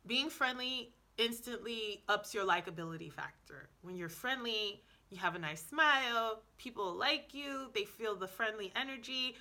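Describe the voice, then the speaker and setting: A woman giving casual advice in a vlog, chatty and playful, filling her talk with "like" and correcting herself as she goes. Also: mid-range voice. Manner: chatty, many "like"s and self-corrections; lively, playful asides. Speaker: language-learning vlogger.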